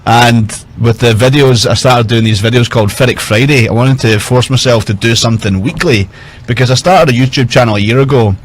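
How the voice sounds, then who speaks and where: A man's voice: mid-range voice, fairly quick, hardly any pauses, slight background noise. A man, a whisky brand ambassador, telling chatty, self-mocking stories in casual talk. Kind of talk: casual storytelling.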